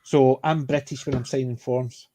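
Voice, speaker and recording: A man's voice: mid-range voice, steady tone, moderate pace, mellow, no echo. A man with a Scottish accent talking in a casual panel discussion, emphatic and opinionated, often restarting his sentences. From Scotland. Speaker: podcast panelist.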